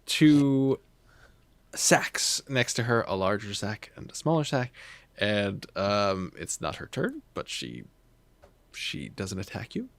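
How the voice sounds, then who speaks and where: A man's voice: fairly low pitch, very animated, takes it slowly, vocal fry, dry recording. A man running a tabletop game as game master, narrating in a chatty way with laughing asides.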